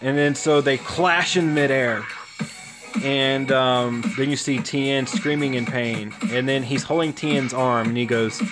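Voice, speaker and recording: Man, casual storyteller, rambling, filler words, loud music behind. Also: medium pitch, steady tone, measured pace. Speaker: fan storyteller.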